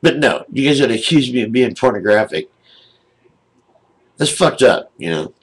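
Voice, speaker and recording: An older man ranting angrily to his camera from home, indignant and aggrieved, with a husky voice. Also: medium pitch, big pitch swings, moderate pace, poor audio. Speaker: video blogger. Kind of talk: angry webcam rant. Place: home, seated in a wheelchair.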